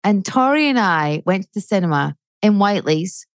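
A woman in her forties, chatting loosely as a podcast guest. She swears freely and builds into energetic rants, and her voice sits dry and close with no room echo. She has a mid-range pitch for a woman. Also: moderate pace. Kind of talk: casual chat.

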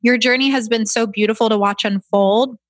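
A woman's voice: a little high, fairly even intonation, fairly quick, dry recording. A woman hosting a podcast in casual chat, effusive and gushing with praise. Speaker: podcast host.

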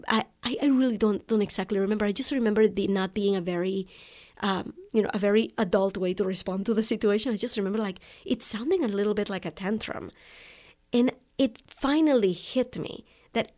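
A woman hosting a podcast for online coaches recounts a personal story to her listeners in a relaxed, conversational tone, often saying "right?" and "you know." Her voice has a medium pitch and a darkish tone.

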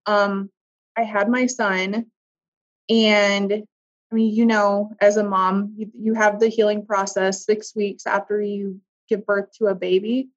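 Young woman, candid and halting, lo-fi sound. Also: mid-range voice, little pitch movement. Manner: candid, emotional, halting and searching for words. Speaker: interview guest. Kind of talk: personal storytelling in conversation. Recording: dull lo-fi audio.

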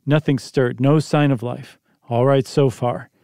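A man's voice: mid-range voice, steady tone, measured pace, creaky, warm tone, no room sound, studio quality. A man reading a story aloud, narrating between character voices. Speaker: story reader.

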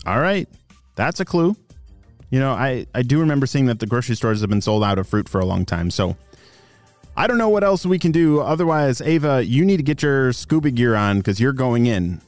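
A man voicing a calm adult team leader who speaks in a steady, encouraging way. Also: mid-range voice, brisk, dry recording, faint music behind, lightly acted. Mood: instructive.

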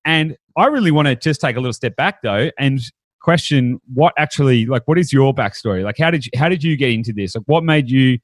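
A man with a middle-pitched voice and lively intonation hosts a podcast, talking fairly quickly in a relaxed, upbeat way with many fillers and restarts. The sound is dry and close, without echo or room sound.

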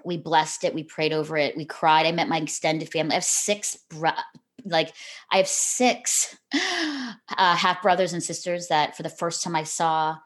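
Woman, middle-aged, low voice, heartfelt guest telling her story, lots of "you know". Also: normal speed. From Canada. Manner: earnest, heartfelt, frequent "you know" and restarts. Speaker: guest, television host. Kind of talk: emotional personal storytelling.

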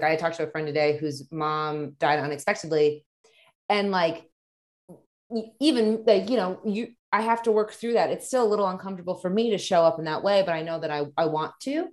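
A woman's voice: low voice, normal speed, a little mellow. A woman in a reflective casual conversation who speaks hesitantly, restarting her sentences. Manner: thoughtful, hesitant, many restarts.

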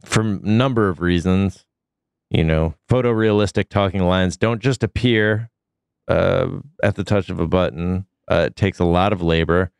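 A man co-hosting a podcast, talking through a cold in a deep gravelly voice, relaxed and full of ums. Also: moderate pace, no room sound, studio quality. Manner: relaxed, with many ums and uhs. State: sick, foggy. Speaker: podcast co-host. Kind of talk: casual news chat.

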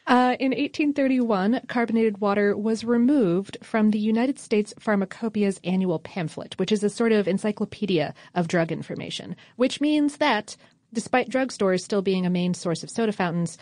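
A woman co-hosts a casual history chat, working through dates and inventions with wry, offhand remarks. Her pitch sits mid-range for a woman. The sound is dry and close, with no room around it. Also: normal speed, darkish tone, no room sound. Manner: wry, reads facts with offhand asides. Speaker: podcast co-host.

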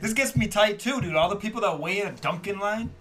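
A man's voice: high voice, fast, sharp tone. A young man chatting as a podcast co-host, ranting about pet peeves and swearing freely. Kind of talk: casual chat.

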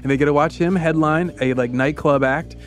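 A man's voice: a little high, steady tone, a little fast, music in the background. A man co-hosting a podcast, telling a story in a casual, comedic way, laughing often and slipping into character voices. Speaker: podcast co-host.

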